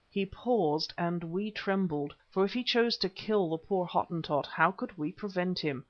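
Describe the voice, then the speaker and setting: High-voiced man narrating an audiobook. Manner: measured first-person storytelling. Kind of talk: scripted narration. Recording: dull lo-fi recording.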